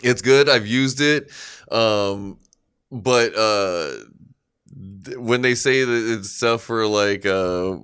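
Bright, crisp-voiced man laughing often. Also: lowish voice, slow. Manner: laughs often, swears a lot, rambling. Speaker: podcast co-host. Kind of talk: comedic news banter.

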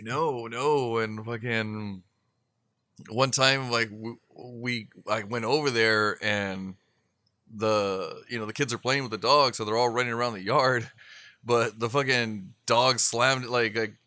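A man with a bright, forceful voice spins loose, profane stories in easy conversation, laughing between lines. The sound is dry and close, with no room around it. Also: medium pitch, steady tone, slow pace, dry recording. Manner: laid-back storyteller, swears constantly, laughs often. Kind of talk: casual chat.

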